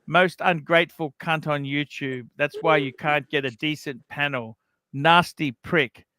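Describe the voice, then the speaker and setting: A man's voice: on the high side, fairly even intonation, measured pace, pushed and bright, a little hiss or hum. A man hosting a casual livestream, animatedly retelling a feud. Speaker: livestream host.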